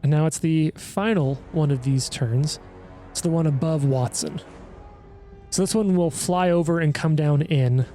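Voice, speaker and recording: Male game master, slightly higher voice, wry and apologetic, faint music underneath. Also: mellow. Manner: apologetic, wry, quick talk with frequent restarts. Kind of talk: narrating a tabletop game.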